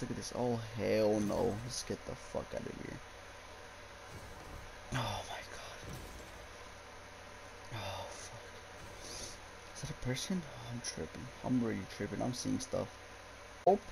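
There's background noise as a young YouTuber yelps and curses his way through a horror game, muttering nervously between scares. His fairly low voice has vocal fry.

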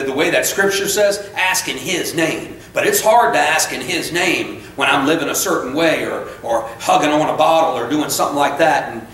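Male preacher, energetic off-the-cuff sermon, faint noise in a roomy church. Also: fairly high pitch. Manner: fired-up, conversational, quick asides and self-corrections. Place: church sanctuary. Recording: very echoey church room, voice from far off, faint noise.

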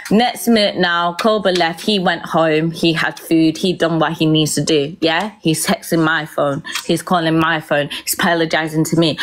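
A woman's voice: sits low, steady tone, normal speed, few pauses. Tearful woman telling her story. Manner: rambling, checks in with frequent "yeah?" and "right?". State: close to tears. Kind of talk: emotional personal storytelling.

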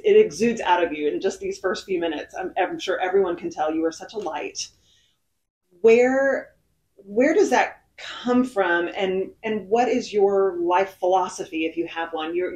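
Encouraging woman host in an echoey room. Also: medium pitch. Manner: soft, encouraging interviewer. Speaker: podcast host. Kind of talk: casual interview. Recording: roomy echo.

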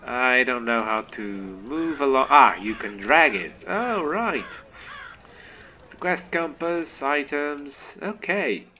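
A man hosting a gaming video, giving excitable, animated let's play commentary to his viewers. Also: medium pitch, slow pace, slight background noise.

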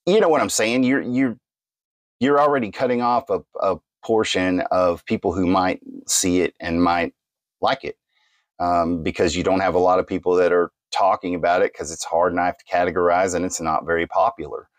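A man with a very low voice talks through a knife review in an easy, rambling way, full of "uh"s and restarts. He is recorded close and dry, with no room sound around him. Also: fairly even intonation, normal speed, dry recording. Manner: rambling, many fillers and restarts. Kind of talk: casual product review.

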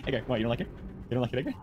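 A man's voice: medium pitch, rapid-fire, background noise. A man hosting a video, giving jokey reaction commentary on online posts at home and laughing often. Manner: animated, jokey, laughs often, talks to his pets. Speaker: video host.

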